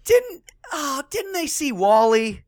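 A young man co-hosting a podcast, excitable and quick to jump in with jokes in casual chat. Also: extremely high pitch. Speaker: podcast co-host.

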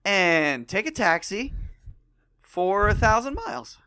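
A young man co-hosting a podcast, excitable and quick to jump in with jokes in casual chat. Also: sits high, clean tone. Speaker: podcast co-host.

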